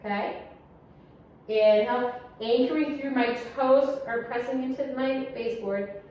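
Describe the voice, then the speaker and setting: A woman's voice: a little high, fairly even intonation, measured pace, warm tone, a little hiss or hum. A woman teaching a Pilates class, cueing breaths and counts in a chatty, encouraging way with small jokes. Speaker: Pilates instructor. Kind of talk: guided exercise class cueing. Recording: echoey room, mic some distance off.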